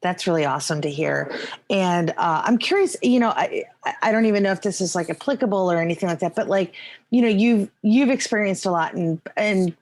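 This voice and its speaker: A woman's voice: on the low side, fairly quick, a little mellow. A woman hosting a podcast interview, asking long hesitant questions full of fillers. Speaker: podcast host. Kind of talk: casual interview chat.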